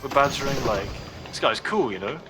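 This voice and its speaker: A man's voice: medium pitch, lively intonation, brisk, over loud music. A man in his twenties telling a rambling story in a late-night party chat, full of fillers and swearing. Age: 20s. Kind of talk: casual chat. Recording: noisy background ambience.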